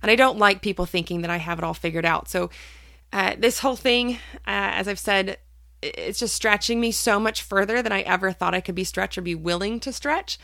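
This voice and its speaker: A woman's voice: medium pitch, steady tone, brisk, vocal fry, fairly bright tone, dry recording, studio quality. A woman hosting a personal faith podcast, talking candidly and hesitantly with many fillers and restarts. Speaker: podcast host.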